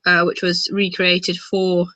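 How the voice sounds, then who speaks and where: A woman chatting casually as a guest, rambling with many pauses and fillers. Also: lowish voice, completely flat delivery, bright, forceful tone, no room sound. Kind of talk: casual chat.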